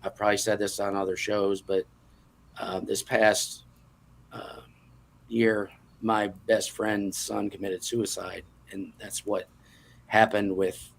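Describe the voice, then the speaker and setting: A man's voice: fairly low pitch, little pitch movement, slow, gravelly. A man from the New York area, a competition cook, speaking earnestly as a guest in a casual interview.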